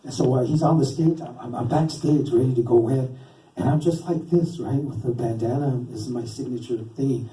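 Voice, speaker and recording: A man's voice: mid-range voice, normal speed. Rambling man telling stand-up stories. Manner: rambling, self-interrupting, deadpan teasing. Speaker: stand-up comedian and cartoonist. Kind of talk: stand-up storytelling. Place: stage in a venue. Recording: roomy, distant live stage recording.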